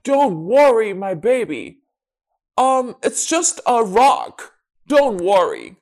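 A gentle Triceratops parent, voiced by a woman, calm and reassuring in a storybook tale. The voice sits a little high and moves lively, with very slow, drawn-out words. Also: faint music behind. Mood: soothing. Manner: soothing then defeated, drawn-out.

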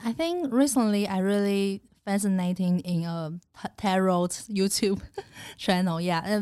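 A woman with a Taiwanese accent and native Mandarin, speaking English on a podcast in a thoughtful, gentle way with halting grammar. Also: mid-range voice, clean tone, dry recording, clean studio sound. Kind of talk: casual podcast chat.

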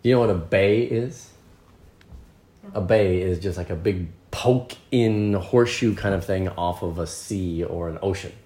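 A man reading a picture book aloud and explaining words in a relaxed, playful way. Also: sits low, unhurried. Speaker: storyteller and English teacher.

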